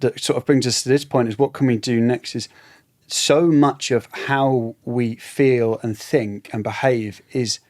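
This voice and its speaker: Reflective man, halting speech. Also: mid-range voice, steady tone, a little mellow. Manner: reflective, halting, often trailing off. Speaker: podcast guest. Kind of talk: casual conversation.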